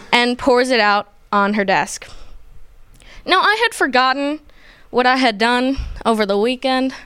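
Bright-voiced young woman telling a story. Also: sits high, smooth, dry recording. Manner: animated, playful, acts out quotes. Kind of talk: personal story told to a group.

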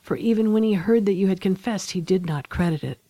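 A woman's voice: medium pitch, a little fast, dark tone, dry recording, natural voice. A woman voicing a loving young woman in grief, speaking earnestly and pleadingly in an audiobook. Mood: earnest, grieving.

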